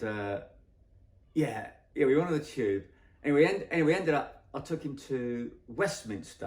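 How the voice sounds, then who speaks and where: A man's voice: fairly low pitch, darkish tone. A man, a photographer, telling a rambling anecdote and correcting himself as he goes. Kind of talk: storytelling anecdote. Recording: roomy echo.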